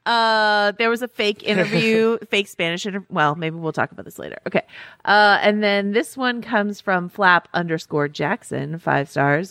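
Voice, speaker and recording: A woman co-hosting a podcast in casual chat, animated and chatty, laughing often as she reads listener reviews. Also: medium pitch, a little slow, dry recording, studio quality. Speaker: podcast co-host.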